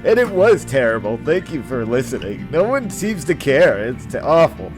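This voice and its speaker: A man's voice: mid-range voice, sing-song, moderate pace, music in the background, natural voice. A man voicing a grieving male cult guard who stammers and rambles through tears.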